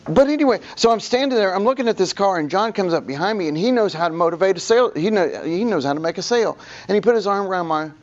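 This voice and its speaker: A man's voice: high-pitched, animated, fast, hardly any pauses, dull audio. A man presenting a public speaking workshop to a room, telling stories and acting out the people he quotes.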